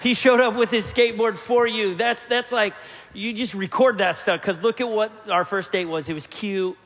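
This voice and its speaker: A man's voice: high-pitched, fairly even intonation, moderate pace, a bit bright, big-room sound. A man preaching a sermon as a pastor, joking and telling stories while acting out the voices of people he quotes. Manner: humorous storytelling, quoting others in voices. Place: church hall.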